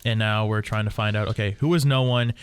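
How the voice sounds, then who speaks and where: A man's voice: on the low side, steady tone, fast talker, smooth. A young man hosting a casual podcast chat about comics, rambling with fillers and restarts. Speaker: podcast host.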